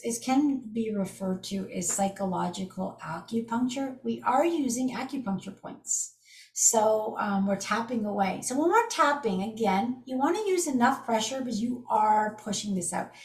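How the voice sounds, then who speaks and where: A woman's voice: mid-range voice, far from the mic. A middle-aged woman teaching an energy healing method in an enthusiastic, casual storytelling way. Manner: enthusiastic, storytelling with lively asides. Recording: echoey room, from off the mic.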